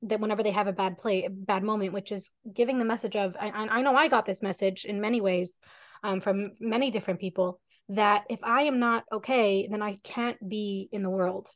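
Earnest woman chatting on a video call, reflective and soft spoken, dry sound. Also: mid-range voice, fairly even intonation, fairly quick, no echo, dull audio. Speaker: parenting coach and podcast co-host. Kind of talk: casual conversation over a video call.

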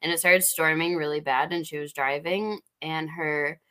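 A woman's voice: sits low, steady tone, moderate pace, bright, forceful tone. A woman from the US Midwest co-hosting a casual podcast chat, teasing and laughing often. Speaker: podcast co-host.

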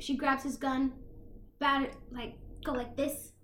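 A young woman co-hosting a podcast, casually retelling a movie in an animated way and swearing freely. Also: sits high, a little slow, reverberant. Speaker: podcast co-host.

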